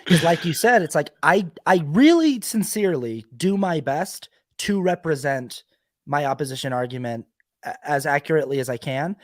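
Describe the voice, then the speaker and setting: A man talking casually as a podcast guest, animated and emphatic, often correcting himself mid-sentence. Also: a little high, normal speed, dry recording, studio quality. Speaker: podcast guest, sketch video maker. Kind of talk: casual conversation.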